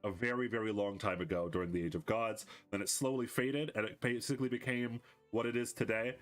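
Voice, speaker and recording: A man's voice: fairly low pitch, steady tone, fairly quick, soft background music. A man acting as game master, loosely explaining the campaign world in a meandering, conversational way. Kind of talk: explaining a tabletop campaign setting.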